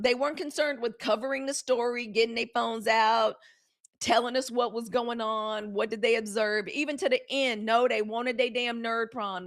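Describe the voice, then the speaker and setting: A middle-aged woman hosting a live news commentary stream, speaking. She is blunt and animated, swears freely, and breaks off to answer viewers in the chat. Her voice sits a little high for a woman.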